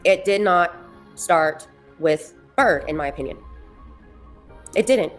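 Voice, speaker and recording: A woman's voice: fairly low pitch, slow pace, faint music behind. A woman on a livestream laying out her side of a feud in a firm, argumentative way. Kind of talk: explaining on a livestream.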